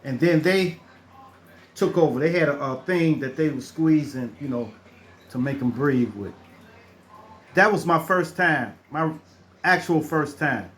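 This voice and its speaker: A man's voice: on the high side, expressive, unhurried, long pauses, a bit bright. A middle-aged man telling true stories in a casual, rambling way, restarting his sentences and acting out the people in them. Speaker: storyteller. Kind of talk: casual spoken storytelling.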